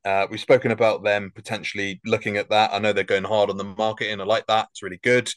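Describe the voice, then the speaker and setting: A man's voice: lowish voice, flat delivery, fast, a bit bright, no room sound. A man hosting a podcast, easygoing as he puts questions to his co-host. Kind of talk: casual podcast chat.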